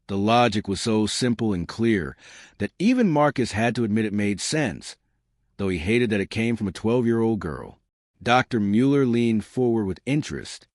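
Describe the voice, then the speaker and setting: Male storyteller, scripted dramatic narration, lowish voice, lively pitch, dry close sound. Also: moderate pace, no room sound.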